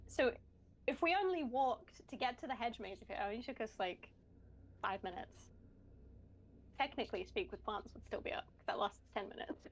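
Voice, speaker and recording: A woman's voice: fairly high pitch, lively intonation, normal speed, a little hiss or hum. A woman playing a tabletop role-playing game, talking hesitantly with many fillers and giggles. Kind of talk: casual role-play chat.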